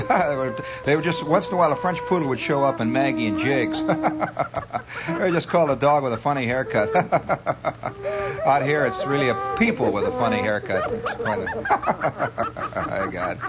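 A middle-aged man telling rambling comic stories on the radio, chuckling often and jumping into high mock shouts. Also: very animated, normal speed, rough recording. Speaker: radio monologist.

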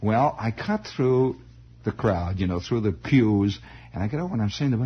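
Husky-voiced man telling a rambling story. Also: on the low side, lively intonation, warm tone. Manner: rambling, halting restarts, wry. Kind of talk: comic spoken storytelling.

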